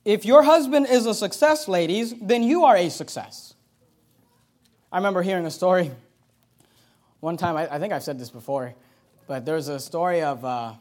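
A male pastor preaching a sermon, exhorting his congregation and swinging between loud emphasis and quiet asides. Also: on the high side.

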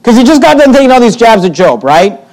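A man's voice: very high voice, very animated, fast, a little mellow, low-quality recording. A man preaching a sermon, speaking emphatically, repeating his points and reading old-style scripture verses aloud.

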